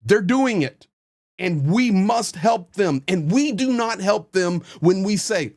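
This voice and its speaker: Here the same kind of channel host and volunteer supporter talks directly to camera with blunt, frustrated passion. His voice is high and animated but slow-paced, with a slightly mellow quality.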